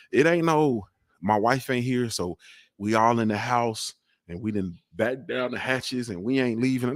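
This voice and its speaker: A man's voice: medium pitch, no echo, clean studio sound. A man in his forties hosting a casual show from home, joking loosely in streetwise slang. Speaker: podcast host. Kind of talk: casual chat. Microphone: desk mic.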